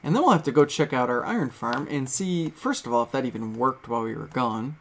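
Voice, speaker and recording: A man's voice: mid-range voice, animated, brisk, a little hiss or hum. A man hosting a gaming channel, chatting and thinking aloud with many fillers as he sorts through his game. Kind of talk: gameplay commentary.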